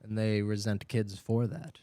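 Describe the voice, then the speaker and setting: A young man co-hosting a podcast, telling stories in a casual chat, animated and laughing, with plenty of swearing. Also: fairly low pitch, a little slow, dry recording. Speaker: podcast co-host.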